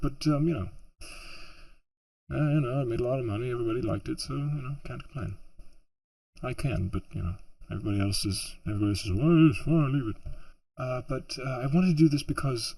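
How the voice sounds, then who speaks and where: Man, husky, mid-pitched, rambling self-interview chat. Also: quick pace, a little mellow. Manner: rambling, many fillers and restarts. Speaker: audiobook producer.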